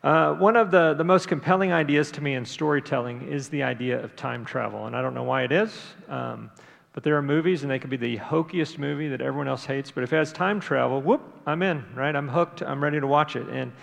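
A male pastor with a gravelly, creaky edge to his mid-pitched voice, preaching in a relaxed, conversational way. He pauses and restarts often, as if talking things through with the congregation. His voice carries the long reverb of a large church sanctuary. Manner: conversational, unhurried, with frequent fillers and restarts. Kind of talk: sermon.

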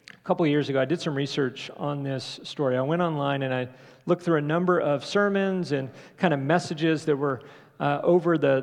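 A pastor delivers a sermon in a conversational way, casually working through his points and putting questions to the congregation. His voice is a bit high with a gravelly edge, ringing through a reverberant church sanctuary.

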